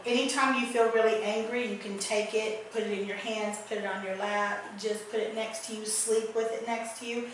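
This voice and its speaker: A woman psychic host gives earnest, emphatic advice in a relaxed conversation. Her voice is picked up from a distance in a very echoey room, with a faint hiss behind it. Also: fairly high pitch, moderate pace, hardly any pauses. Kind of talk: casual spiritual advice chat.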